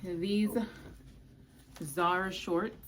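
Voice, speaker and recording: A woman filming a casual get-ready-with-me vlog, a bit out of breath and talking in a relaxed, chatty way with lots of ums. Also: lowish voice, extremely slow. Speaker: beauty vlogger. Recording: noisy home recording. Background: household noise, a toddler nearby.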